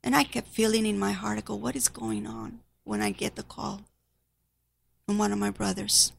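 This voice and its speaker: A woman who is a nurse giving an emotional personal testimony to an audience, halting and sometimes dropping to a near whisper. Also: mid-range voice, level tone, gravelly. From Spanish-speaking background.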